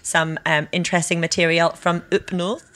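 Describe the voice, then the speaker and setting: A woman's voice: lowish voice, flat delivery, moderate pace, fairly bright tone. A woman co-hosting a podcast in casual, playful chat. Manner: playful, laughs easily. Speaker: podcast co-host.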